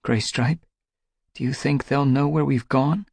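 A man's voice: medium pitch, fairly even intonation, a little slow, creaky, no room sound, studio quality, pitched above the performer's own voice. Anxious she-cat warrior, as a man reads her. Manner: soft, anxious pleading. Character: worried she-cat warrior, gentle and weary.

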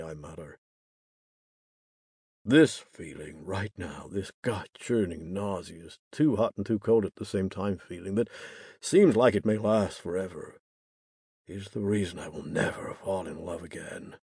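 Young male audiobook narrator, low and husky, dry close sound, wry delivery. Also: animated, moderate pace, a little mellow, no room sound. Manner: wry and bitter. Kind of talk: first-person audiobook narration.

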